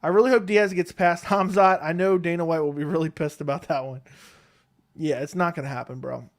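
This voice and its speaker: A man hosting a casual live stream at home, reading chat questions and answering them in a relaxed, rambling way on a close desk mic. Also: a little high, brisk. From Connecticut, USA. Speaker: MMA YouTube host reading live chat. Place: home, seated in a chair. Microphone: close desk microphone.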